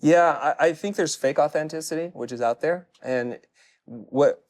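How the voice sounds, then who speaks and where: A man's voice: on the high side, normal speed, darkish tone. A middle-aged man speaking candidly to a live audience, telling stories in a self-deprecating way as a personal branding speaker. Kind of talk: stage talk to a live audience.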